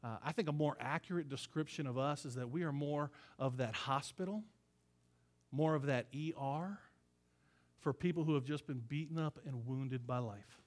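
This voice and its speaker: A man's voice: on the high side, normal speed. A man who is a pastor, preaching a conversational sermon in a casual, emphatic way with slangy asides.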